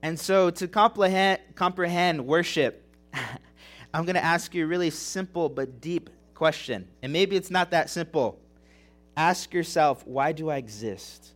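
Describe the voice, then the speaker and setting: A man's voice: fairly high pitch, unhurried, a bit bright. A young man preaching a sermon as pastor, earnest and emotional, repeating phrases and asking rhetorical questions. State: tearing up.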